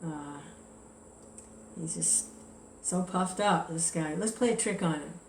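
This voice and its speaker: A woman with a fairly low voice gives a devotional scripture class, telling a story in a relaxed, chatty way. The recording is roomy and echoey, with faint ambience behind her. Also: slow, slight background noise.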